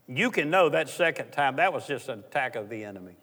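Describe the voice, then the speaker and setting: A man with a fairly high voice preaches as a guest speaker. He mixes storytelling with call-and-response, asking the congregation to answer back. His voice rings out with a long reverb in a church hall. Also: animated, a little fast, a bit bright. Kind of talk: sermon.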